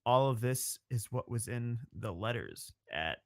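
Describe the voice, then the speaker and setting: A man's voice: medium pitch, very animated, gravelly, no echo. Quizzing man, dry sound. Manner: quizzing, quick interjections. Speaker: podcast co-host. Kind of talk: casual conspiracy chat.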